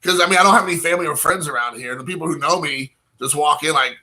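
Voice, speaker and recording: A young man spins a long personal story in a loose, rambling way, with "like" in nearly every sentence. His voice sits a touch high and rings very bright and sharp, and he slips into quoted dialogue as he goes. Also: fast talker. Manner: rambling, heavy use of "like" fillers, quoting himself and others. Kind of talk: casual anecdote storytelling.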